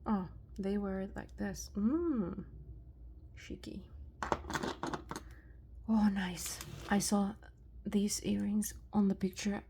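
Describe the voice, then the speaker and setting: A woman with a Russian accent, unboxing thrifted jewelry in a soft-spoken vlog, slow and marveling at each find. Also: mid-range voice, steady tone, slight background noise. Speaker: jewelry reseller vlogger.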